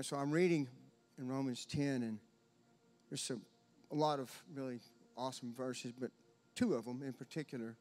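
A man sharing a Bible passage at a church open mic, reading the verses slowly and with care. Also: medium pitch, darkish tone. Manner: reads verses slowly and deliberately. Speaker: church member sharing a scripture. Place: church service.

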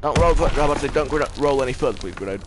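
A man playing a shooter game with a friend, swearing constantly and yelling at enemies. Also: medium pitch, expressive, rapid-fire, over music. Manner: explosive, swearing, yells at enemies. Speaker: gamer streaming with a friend. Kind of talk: profane gameplay rant.

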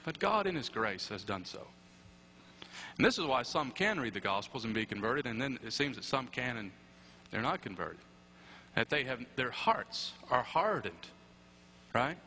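Bright-voiced man preaching in an echoey chapel. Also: mid-range voice, sing-song, moderate pace, long pauses. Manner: conversational, with tag questions and wry asides. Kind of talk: sermon. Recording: echoey chapel with faint hum.

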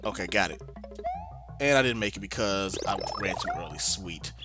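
Over game music, a let's-play gamer offers casual commentary on his video game in a low-sitting voice with lively intonation and a moderate pace. This young man is talkative, mutters to himself in exasperation, and drawls playfully.

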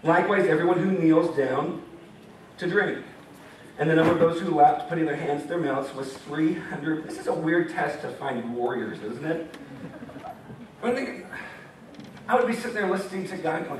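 A young campus ministry speaker gives a casual, joking sermon in a meeting hall, reading scripture and animatedly acting out the voices of God and Gideon. His voice is fairly high at normal speed with frequent pauses, recorded from far off in an echoey hall with slight hiss or hum.

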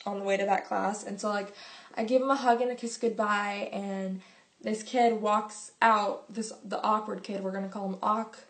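A teenage girl telling a story to her viewers in a chatty vlog, full of "like" and "um" and quick giggles. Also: mid-range voice, level tone. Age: teens. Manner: chatty, filler-heavy, giggly. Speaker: vlogger.

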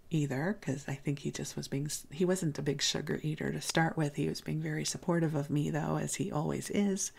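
Soft-spoken woman with a gravelly low voice. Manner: gentle, often whispery, with soft laughs. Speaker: podcast host. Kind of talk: soft-spoken bedtime storytelling.

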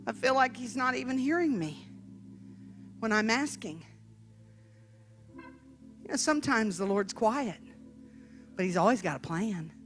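A woman evangelist preaching through a personal story, with a high, bright voice that rises and falls widely. She drops to a hush, then breaks into emphatic shouts. Soft music plays faintly behind her. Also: expressive, measured pace, long pauses. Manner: dramatic, emphatic, bursts into shouting. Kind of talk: storytelling sermon.

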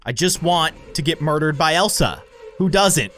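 A man giving jokey let's-play commentary, swinging between shrieks and deadpan asides. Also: a little high, moderate pace. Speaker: gaming YouTuber.

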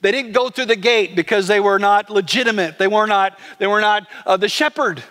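A male pastor delivers a sermon in a conversational, animated way. His voice sits high, and a long reverb trails his words through the church. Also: moderate pace. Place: church sanctuary.

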